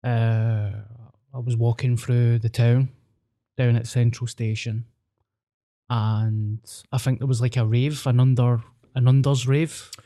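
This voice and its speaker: A young Glaswegian man with a mellow, dark-toned voice, chatting as a podcast co-host. He tells his stories loosely and swears freely, at a mid pitch. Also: flat delivery, slow. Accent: Scottish, Glaswegian. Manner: sweary, storytelling, acts out voices. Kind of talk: casual chat.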